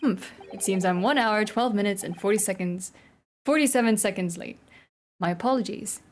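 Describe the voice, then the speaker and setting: A woman voicing a stately, imposing older British chief justice in a put-on British accent, speaking slowly and self-importantly, over faint game music. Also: mid-range voice, slight background noise, lightly acted. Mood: pompous.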